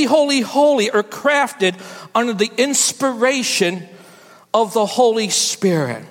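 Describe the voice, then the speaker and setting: A woman pastor delivering a sermon to her church, with slow, emphatic preaching and repetition for effect. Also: fairly high pitch, long reverb tail.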